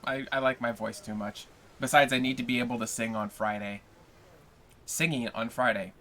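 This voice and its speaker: Playful guy streaming from home, bright voice, jokes around with chat. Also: mid-range voice, moderate pace, slight background noise. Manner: playful, joking, chatty with viewers. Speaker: livestream host and reader. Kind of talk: casual livestream chat.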